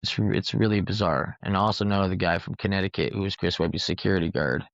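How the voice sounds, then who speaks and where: A man's voice: low-pitched, quick pace, creaky, no room sound. A man telling rambling, profane anecdotes in a casual podcast chat. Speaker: podcast host. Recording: dull lo-fi recording.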